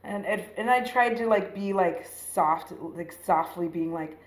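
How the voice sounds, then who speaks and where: A woman's voice: mid-range voice, moderate pace, few pauses. A woman vlogger telling a story in a casual, chatty way while getting ready. She swears freely, says "like" a lot and acts out the voices of the people in her story. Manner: frequent filler "like". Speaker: beauty vlogger. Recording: roomy echo.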